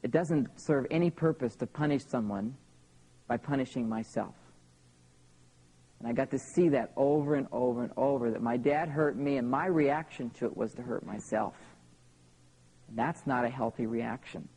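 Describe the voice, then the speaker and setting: A man's voice: medium pitch, normal speed, darkish tone, breathy edge, poor audio. A man in his thirties tells personal stories in a live seminar talk to an audience, often checking in with "okay?". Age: 30s. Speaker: seminar speaker.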